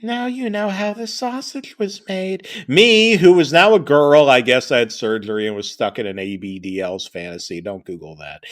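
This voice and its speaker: Crude, animated comedic male narrator. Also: high voice. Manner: crude, rambling, self-deprecating jokes. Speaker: storyteller. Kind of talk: comedic horror-parody narration.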